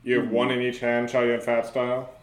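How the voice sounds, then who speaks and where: A man narrating as game master of a tabletop game, halting and full of fillers. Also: mid-range voice, monotone. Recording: roomy echo, faint noise.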